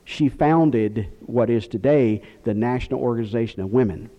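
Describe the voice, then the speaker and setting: A man's voice: mid-range voice, normal speed, mellow. A man teaching a Bible lesson in sermon style, emphatic and full of rhetorical questions. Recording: dull lo-fi recording.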